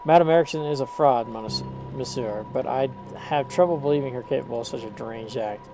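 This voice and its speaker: A man voicing a formal, skeptical gentleman in a put-on French accent while reading game dialogue aloud. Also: mid-range voice, brisk, over music, close to an everyday voice, rough recording.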